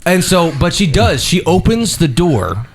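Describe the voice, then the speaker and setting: A man's voice: sits high, very animated, unhurried, noisy background. A young man on a podcast telling a long story in a rambling, casual way, full of fillers and restarts.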